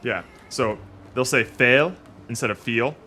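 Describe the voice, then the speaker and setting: A man's voice: medium pitch, animated, fast talker, bright, forceful tone, slight background noise. A man streaming a game, chatting casually and joking with friends. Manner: playful, jokey. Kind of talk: casual gaming stream chat.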